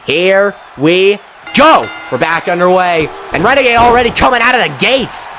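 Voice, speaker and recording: A man giving casual, excitable wrestling commentary, chatty and quick to swear. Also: high-pitched, a little hiss or hum.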